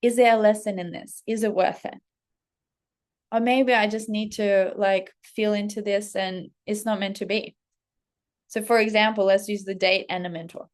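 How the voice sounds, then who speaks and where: A woman hosting her own spiritual channel, talking casually to camera in a candid, chatty way, swearing freely, leaning on "like", and slipping into quick acted quotes. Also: mid-range voice. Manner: animated, slips into acted quotes of herself and others. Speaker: spiritual coach and channel host. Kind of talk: casual unscripted monologue to camera.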